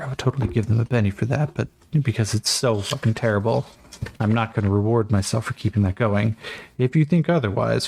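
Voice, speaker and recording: A man's voice: mid-range voice, a little mellow. A man running a solo tabletop game as game master, narrating in a casual, profane, self-mocking way.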